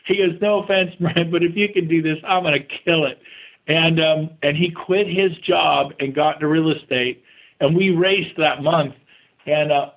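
A man, a real estate agent guest, telling his story in a casual interview, animated and self-deprecating, acting out the dialogue he quotes. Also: a little high, low-quality recording. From California.

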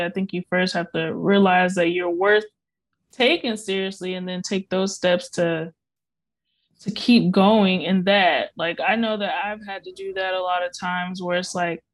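Chatty woman hosting a podcast. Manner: animated, laughs often, rises high when excited. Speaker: podcast host. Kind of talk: casual interview chat.

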